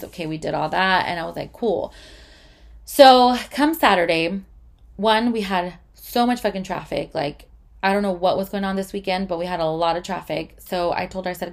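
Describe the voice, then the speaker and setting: A woman's voice: on the low side, normal speed, vocal fry. A young woman in casual storytime talk, chatty and full of swearing and "like". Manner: chatty, swears a lot, uses "like" often. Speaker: vlogger.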